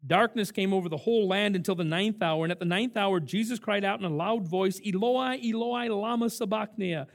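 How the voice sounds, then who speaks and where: An older man preaching to a camp crowd in a fairly high voice. He is an emphatic storyteller who throws himself into each anecdote. He swings between lively bursts and quieter, earnest stretches. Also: fairly quick. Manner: animated, emphatic storyteller who acts out quotes. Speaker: camp director. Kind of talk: sermon with storytelling.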